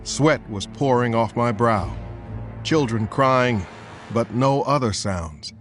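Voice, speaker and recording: A man narrating a thriller audiobook in the first person, in a steady, measured way. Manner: steady, measured, low-key. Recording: soft music bed.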